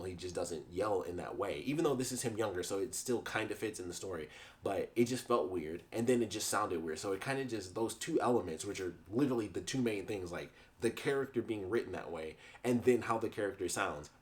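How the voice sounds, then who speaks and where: Chatty, rambling young man with a lowish voice. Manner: chatty, rambling, laughs often. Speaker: YouTube reviewer. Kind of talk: casual review monologue.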